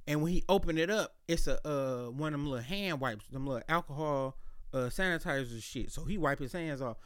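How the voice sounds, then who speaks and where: A podcast host telling a casual story in a loud, animated, slangy way, with plenty of cursing. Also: male voice, fairly high pitch, a little fast, clean tone, no echo, clean studio sound.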